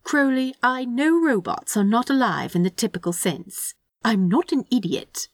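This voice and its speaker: A woman's voice: a little high, lively intonation, normal speed, no room sound, studio quality, pitched above the performer's own voice. A woman reading aloud and voicing a fussy, doting male angel who tuts primly and stays unbothered. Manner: prim, tutting, affectionate.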